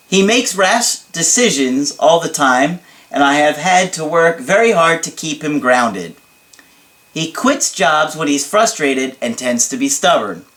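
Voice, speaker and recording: A man's voice: mid-range voice, fairly bright tone. A man working as a relationship coach, reading a viewer's letter aloud and answering it. He jokes and laughs at himself, then turns earnest when he explains. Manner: joking and self-mocking, laughing at his own asides.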